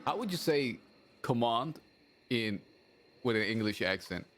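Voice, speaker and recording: Lively joking man planning a heist. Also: mid-range voice, measured pace. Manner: joking, eager, bossy planning. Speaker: roleplay player. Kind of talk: casual in-character chat.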